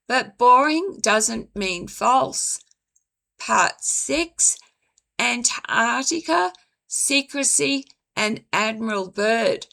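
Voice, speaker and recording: A woman reading a slow, measured commentary script, her voice dry and now and then stumbling over words. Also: a little high, gravelly, sharp tone. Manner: measured, deliberate, apologizes for stumbling. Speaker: commentary video host.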